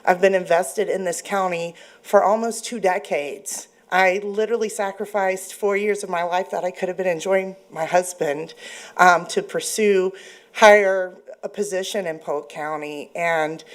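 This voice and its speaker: Middle-aged teacher lady from florida, emotional, near tears, pleading at a meeting, lowish voice. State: close to tears. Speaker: teacher giving public comment. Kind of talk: public comment at a meeting. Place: public meeting chamber.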